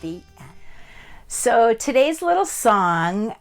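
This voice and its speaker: Woman librarian, storytime read-aloud, lively, faint music under. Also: a little high, slow pace. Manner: animated and expressive. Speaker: children's librarian.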